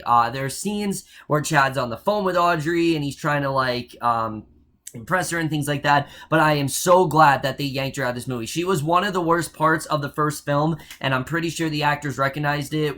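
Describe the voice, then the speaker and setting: A man's voice: medium pitch, bright, forceful tone. A man reviewing a film in a casual spoken style, blunt and opinionated, with frequent ums and uhs. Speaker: movie reviewer.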